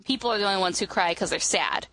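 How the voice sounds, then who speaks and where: A woman's voice: mid-range voice, animated, fast, pushed and bright. A woman chatting casually, explaining while thinking aloud. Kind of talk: casual chat.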